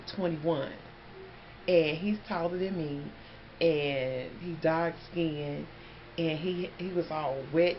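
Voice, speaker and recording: Gravelly-voiced woman telling a chatty story. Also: on the low side. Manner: animated, chatty, addresses listeners as y'all. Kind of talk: casual storytelling to viewers. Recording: dull lo-fi, faint background noise.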